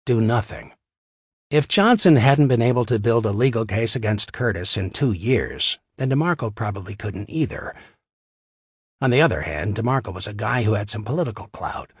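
A man narrating a crime novel in a steady, wry storytelling manner on a close studio mic. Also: fairly low pitch, moderate pace, slightly rough, dry recording. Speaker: audiobook narrator. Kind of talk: scripted narration.

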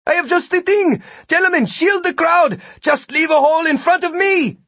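A man voicing an eager male wizard shouting commands to a crowd. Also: extremely high pitch, normal speed, no room sound, voice pushed up, exaggerated voice. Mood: urgent.

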